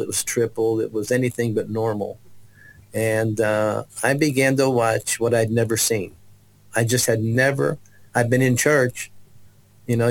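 A man's voice: mid-range voice, creaky, low-quality recording. A man giving a personal testimony as a guest, telling his story with restarts and acted-out voices. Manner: animated storyteller, acts out voices, many restarts.

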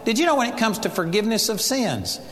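A man with a high, light voice preaches a sermon. His delivery is emphatic, and he acts out voices as he quotes scripture. The sound carries a long reverb from a church hall. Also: big pitch swings, fast, a bit bright.

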